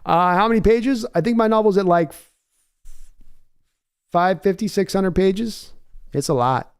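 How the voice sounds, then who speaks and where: A man's voice: sits high, measured pace, smooth. A man hosting a casual livestream podcast, chatting and reading viewer comments aloud. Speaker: podcast host.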